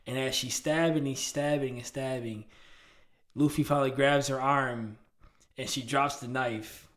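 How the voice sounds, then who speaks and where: A man's voice: medium pitch, a little slow. A man co-hosting a podcast, chatting casually and acting out favorite scenes with lots of energy. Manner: animated storyteller, acts out scenes. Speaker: podcast co-host. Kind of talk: casual chat.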